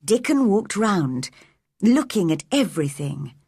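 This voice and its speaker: A woman narrates a classic storybook for English learners at an unhurried pace. Her pitch moves a lot, and her voice is soft and breathy. The recording is dry and close to the mic. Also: no room sound. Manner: clear, measured, expressive character voices. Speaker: audiobook narrator. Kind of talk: graded-reader audiobook narration for English learners.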